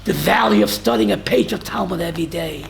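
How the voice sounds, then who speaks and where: A man's voice: a little high, a little fast, creaky, a little hiss or hum, voice pushed down. A man voicing a scholar earnestly recalling how his mother inspired him as a boy. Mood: reflective.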